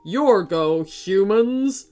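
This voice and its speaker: A woman voicing a huge sulky male dragon in a children's story, with a slow, drawn-out growling delivery. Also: medium pitch, animated, warm tone, faint music behind. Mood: smug. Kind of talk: storybook character voice.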